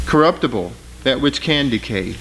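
A man preaching a sermon, reading scripture with rising force and then explaining it in plain, halting talk. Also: expressive, a bit bright, a little hiss or hum, poor audio. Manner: rises in pitch and volume reading scripture aloud; plain spoken, with fillers and restarts between readings.

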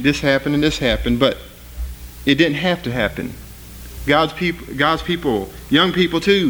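A man delivers a sermon in a fairly high voice. He reads the verses aloud with a lifted, emphatic push, then drops back into plain explaining full of small restarts. Faint background noise sits under the recording. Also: a bit bright, rough recording. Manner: rises in pitch and volume reading scripture aloud; plain spoken, with fillers and restarts between readings. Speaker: preacher.

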